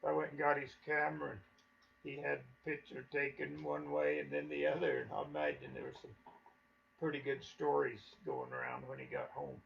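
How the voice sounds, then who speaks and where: A man's voice: mid-range voice, sing-song, moderate pace, creaky, lo-fi sound. An older man telling stories from his life in a folksy, chuckling way. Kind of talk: casual spoken reminiscence.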